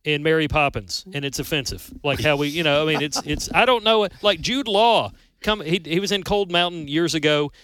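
Bright, smooth-voiced radio co-host man. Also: on the high side, animated, normal speed, few pauses, no echo. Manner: conversational, loose with fillers. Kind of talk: casual studio talk.

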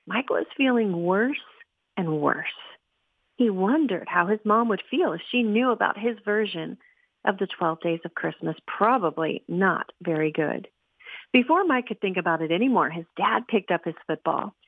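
A woman radio host reading a storybook aloud in a lively, expressive way, over a dry, tinny phone-like sound. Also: medium pitch, normal speed, slightly rough, no room sound.

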